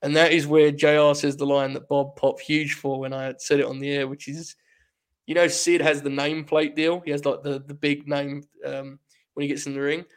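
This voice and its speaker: A man hosting a podcast in casual chat, animated and swearing freely. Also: a little high, moderate pace, smooth. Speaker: podcast host.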